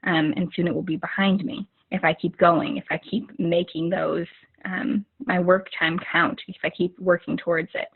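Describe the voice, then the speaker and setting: A woman's voice: on the low side, flat delivery, moderate pace, gravelly, slightly rough. A young woman giving an informal motivational talk over a video call, rambling, with many fillers and restarts. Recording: narrow phone-like video call audio.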